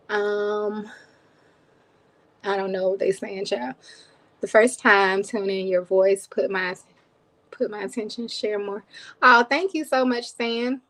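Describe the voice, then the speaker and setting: A woman's voice: medium pitch, steady tone, unhurried, long pauses, rough recording. A woman hosting a live stream, chatting casually with viewers, thanking them by name and laughing often, with a voice people call soothing. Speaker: cooking channel host.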